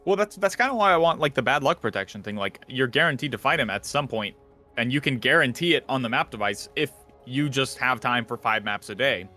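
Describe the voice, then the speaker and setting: Male podcast host, bright voice, rambling casual gamer chat, faint music under. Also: medium pitch, a little fast. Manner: rambling, animated, swears casually. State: out of breath.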